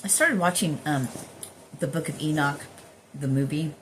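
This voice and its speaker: A woman's voice: deep voice, normal speed, slight background noise. A woman vlogging at home, musing casually on spiritual ideas in a rambling way and swearing freely.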